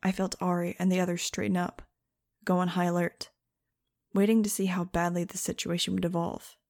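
A woman's voice: on the low side, level tone, a little fast, darkish tone, no room sound, clean studio sound. A woman narrating an audiobook in the first person, in a sarcastic, wisecracking, chatty way.

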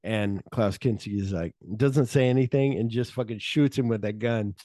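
A man co-hosts a loose, casual podcast, recapping a film scene by scene and slipping into quick voices for the characters. His voice sits low with a dark, mellow tone. The sound is dry and close. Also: no room sound. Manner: animated retelling, acts out lines in quick voices, swears freely. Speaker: podcast co-host.

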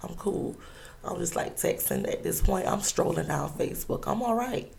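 A woman telling a personal story in an interview, halting and earnest, with many pauses and restarts. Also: fairly low pitch, wildly swooping pitch, gravelly, a little mellow, slight background noise.

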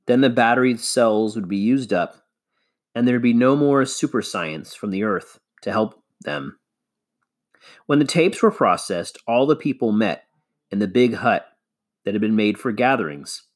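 A man reading a children's novel aloud, measured and expressive. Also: fairly low pitch. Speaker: reader.

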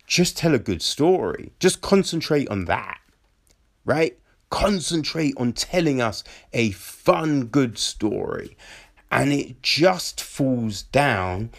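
A man giving a casual, exasperated spoken film review, full of fillers, rhetorical questions and mocking quotes. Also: mid-range voice. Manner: animated, exasperated, many fillers and mock quotes.

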